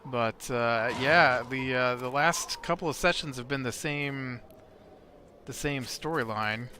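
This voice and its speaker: Male let's-play host, unhurried, fillers everywhere, noticeable noise under the voice. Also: medium pitch, pushed and bright. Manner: rambling, many filler words. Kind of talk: casual gameplay commentary. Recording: clear background noise.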